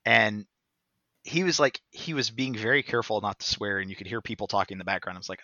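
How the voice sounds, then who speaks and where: A man's voice: lowish voice, fast talker, sharp tone, no room sound. A man on a podcast telling a casual story in a rambling way, with many fillers and restarts. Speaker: podcast co-host or guest. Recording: dull, lo-fi, dry.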